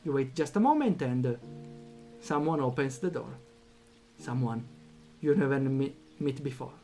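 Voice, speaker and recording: A man streaming a story game, reading the text aloud and reacting with animated commentary. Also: medium pitch, moderate pace, soft background music. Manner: animated, reacts out loud, thinks aloud with fillers.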